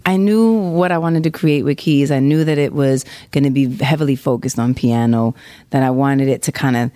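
Low-pitched new york woman chatting in an interview, excited, dry sound. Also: normal speed, no room sound. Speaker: guest musician. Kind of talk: casual interview.

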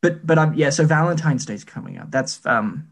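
A man's voice: fairly high pitch, animated, moderate pace, vocal fry, breathy edge. A man in his late twenties chatting casually on a podcast, telling rambling, self-deprecating stories. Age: late 20s. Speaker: podcast co-host. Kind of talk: casual chat.

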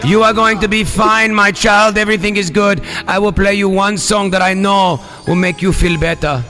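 A man's voice: sits high, fairly even intonation, moderate pace, pushed and bright, in a large hall, faint music behind, voice pushed up. A man voicing a mysterious male love guru with an Eastern European accent who gives solemn, odd advice on a radio show. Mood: soothing.

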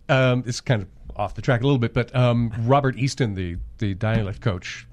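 A man's voice: medium pitch, moderate pace. A man guesting as a voice actor, telling anecdotes in a casual, laughing interview. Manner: storytelling, laughing often.

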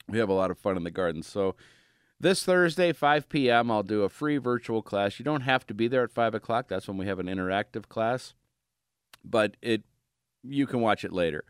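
A man's voice: fairly low pitch, fairly quick, clear, resonant tone, no room sound. A man hosting a radio gardening show in a studio, chatty and upbeat, laughing easily between thoughts. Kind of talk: casual radio talk. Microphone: studio microphone.

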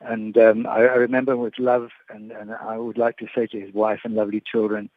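Reminiscing by phone on a radio show, an older veteran sports broadcaster speaks in a lowish, flat voice that the line squeezes thin. Hesitant, he keeps repeating words and starting sentences over. The audio is close and dry, without any room sound.

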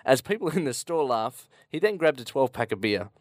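Male co-host, mid pitch, relaxed news reading, dry close mic. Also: a little fast, no room sound. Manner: good-humoured, laughs along, reads stories aloud. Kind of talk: casual chat, reading news stories.

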